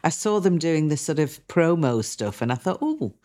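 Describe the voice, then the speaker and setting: A woman's voice: deep voice, lively intonation, normal speed, warm tone. A woman presenting on a radio show, chatting enthusiastically about a TV series she has been watching. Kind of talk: casual chat on a radio show.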